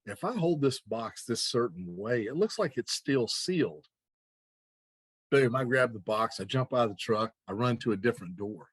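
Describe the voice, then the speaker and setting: A man tells a story in a relaxed, chatty way, acting out each exchange in the voices of its speakers. His voice sits at an ordinary middle pitch. The recording is close and dry. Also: moderate pace, slightly rough, no echo. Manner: animated anecdote telling with laughs and quoted dialogue. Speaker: interview guest. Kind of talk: casual storytelling.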